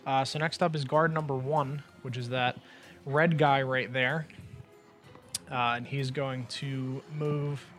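A man serving as game master, settling rules in a calm, matter-of-fact way. Faint music plays behind the table talk. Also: medium pitch, slow.

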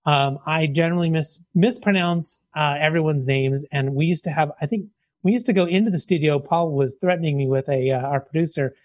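A man's voice: a little high, brisk, no echo. A man hosting a podcast, chatting casually and joking about himself as he introduces the show and his guest. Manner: chatty, self-deprecating, filler-heavy. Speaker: podcast host.

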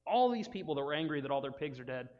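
Animated man preaching to youth. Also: a little high, quick pace. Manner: animated, acts out friends' voices in quotes. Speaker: youth pastor. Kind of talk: casual youth sermon. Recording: dull sound with long reverb in a hall.

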